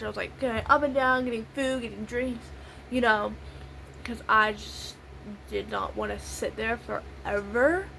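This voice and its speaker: A woman's voice: fairly high pitch, pushed and bright, slight background noise, rough recording. A young woman vlogger telling a long story in a rambling, casual way while doing her makeup, repeating the same little phrases. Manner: rambling, repeats "literally" and "I was like".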